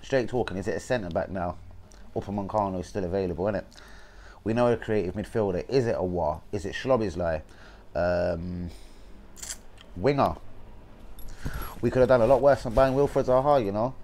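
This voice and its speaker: Brief: young London man, lowish voice, fan-channel host, blunt sweary livestream rant, heavy slang. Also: normal speed, pauses often, a little mellow, a little hiss or hum. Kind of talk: casual football rant livestream.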